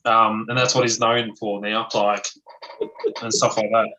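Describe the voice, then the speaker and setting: A man's voice: on the low side, little pitch movement, measured pace, bright, forceful tone, lo-fi sound. A man with an Australian accent chatting casually, blunt, swearing freely and laughing often. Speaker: livestream guest, ex-chef. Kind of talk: casual chat.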